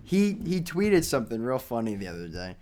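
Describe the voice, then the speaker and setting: A young man hosting a podcast in casual chat, excitable, breaking into loud laughs and trailing off with fillers. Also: mid-range voice, fairly quick, a little hiss or hum. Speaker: podcast host.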